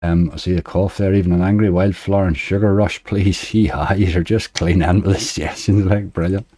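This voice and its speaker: Low, mellow-voiced man streaming. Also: steady tone, moderate pace, dry recording, clean studio sound. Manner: chatty, reading out viewer chat. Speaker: slots livestreamer. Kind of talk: casual live-stream chat. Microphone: desk microphone.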